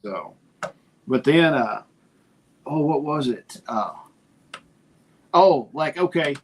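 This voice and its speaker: Man, middle-aged, podcast co-host, rather high voice, lively storyteller. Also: takes it slowly, slightly rough. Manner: storytelling, animated retelling of conversations. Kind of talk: casual chat.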